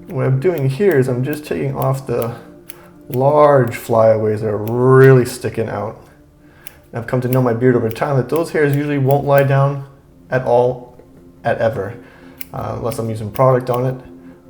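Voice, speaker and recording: Gravelly, easygoing man in an echoey room. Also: mid-range voice, a little mellow. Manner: easygoing, chatty, repeats himself with fillers. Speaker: beard grooming vlogger. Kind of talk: relaxed how-to talk while trimming.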